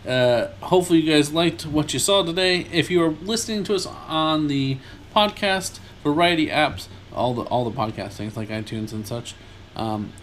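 A man's voice: medium pitch, a little hiss or hum. Easygoing male podcast co-host. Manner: easygoing, rambling with fillers. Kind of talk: casual chat.

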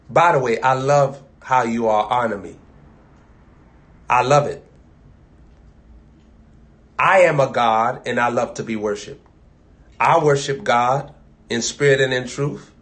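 An American man preaching a sermon, chanting and repeating phrases, swinging from loud to soft. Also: medium pitch.

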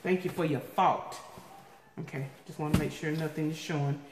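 A woman in a casual vlog, opening viewer mail. She gasps, repeats herself and gets excitable as she talks. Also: sits low, moderate pace. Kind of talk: casual unboxing chat. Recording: echoey room with faint noise.

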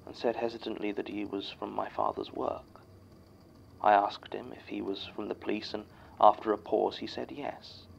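A gravelly, low-voiced archivist reads a statement in a measured, somber way. The recording is dull and lo-fi, with a faint hiss underneath. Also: male voice. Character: male archivist reading a written statement aloud. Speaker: narrator reading a statement. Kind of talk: scripted horror narration.

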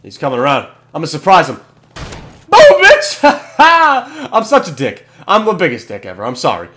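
Excitable young man commentating gameplay. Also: medium pitch, quick pace. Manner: excitable, swears, shouts at kills. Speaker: gaming channel host.

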